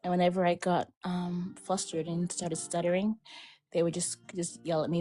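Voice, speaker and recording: A woman co-hosting a casual live-stream chat, who speaks with halting restarts and laughs often. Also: fairly low pitch, level tone, warm tone.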